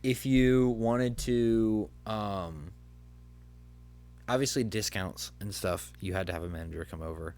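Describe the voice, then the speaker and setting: A man's voice: on the low side, a little slow, darkish tone. A young adult man hosting a podcast, telling a rambling story in casual chat with lots of fillers. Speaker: podcast host.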